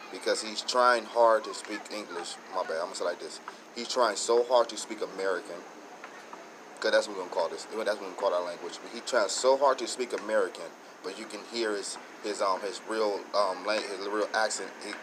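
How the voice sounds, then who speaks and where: A man with a fairly low voice talks through a show episode in a loose, excitable way, restarting sentences as his thoughts run ahead. A steady hum of air conditioning and background noise sits under his voice. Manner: rambling, excited, many restarts. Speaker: show host reviewing episodes. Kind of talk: casual solo review.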